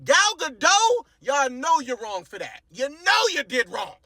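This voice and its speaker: A young man ranting in a casual movie review, animated, exasperated and profane, sometimes bursting into shouts. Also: very high-pitched, a little slow, no echo.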